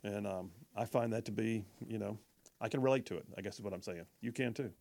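A man's voice: on the low side, fast, creaky, darkish tone. Male talk radio host, folksy, loose delivery, trips over words. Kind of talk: talk radio reading listener texts.

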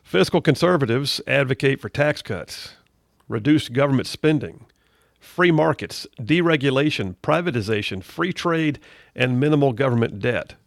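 A man's voice: mid-range voice, lively intonation, moderate pace, creaky, no room sound, studio quality. A middle-aged man hosting a talk radio show, delivering a folksy, conversational monologue with preachy asides.

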